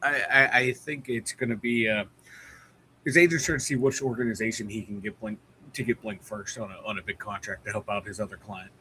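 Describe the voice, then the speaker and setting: Casting: man, show producer, bright sharp voice, joking and cocky. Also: fairly low pitch, fairly even intonation, fairly quick, a little hiss or hum, rough recording. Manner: joking, playfully boastful. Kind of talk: casual sports chat.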